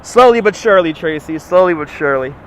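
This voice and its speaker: Fast and expressive, with a fairly high pitch, a male host greets viewers by name during a live walking stream filmed on a gimbal-mounted phone. He's outdoors on a city street, chatty and upbeat despite a slightly stuffy nose that could make his voice crack. The recording picks up faint traffic and street noise.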